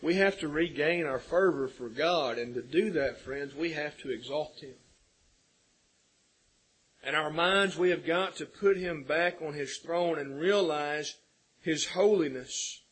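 Male preacher, husky, higher voice, sermon delivery with rising emphasis. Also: measured pace, a bit bright, poor audio. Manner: preaching with rhetorical questions and swelling emphasis. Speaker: pastor.

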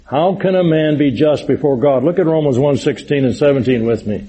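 A man's voice: a little high, fairly quick, mellow, slight background noise, low-quality recording. A middle-aged man preaching a Bible lesson, earnest and explanatory, stressing points emphatically and reading scripture aloud. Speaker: preacher teaching a Bible study. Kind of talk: sermon-style Bible lesson.

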